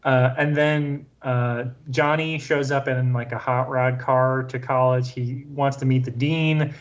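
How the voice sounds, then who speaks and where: A man's voice: medium pitch, fairly even intonation, unhurried, muffled recording. A man co-hosting a podcast, summarizing a comic story in a casual, amused way. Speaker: podcast co-host. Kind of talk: casual comic-book recap chat.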